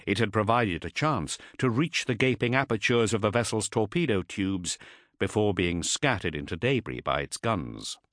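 A man narrating an audiobook in an expressive, dramatic storytelling manner. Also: lowish voice, normal speed, no room sound, clean studio sound.

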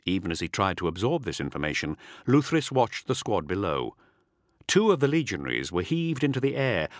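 A man narrating an audiobook with a dramatic, expressive reading. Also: medium pitch, dry recording, clean studio sound. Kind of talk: scripted narration.

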